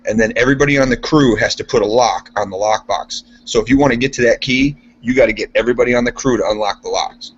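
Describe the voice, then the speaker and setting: A man's voice: medium pitch, fast talker, few pauses, a little hiss or hum. Profane, rambling man on lo-fi audio. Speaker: guest, steel mill worker. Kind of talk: casual chat. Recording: dull lo-fi podcast audio.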